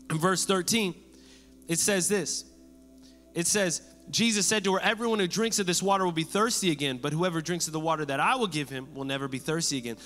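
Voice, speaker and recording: Man preaching, high voice, bright forceful tone, long hall reverb, faint music under. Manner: animated preaching, acting out quoted voices. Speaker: pastor. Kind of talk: sermon.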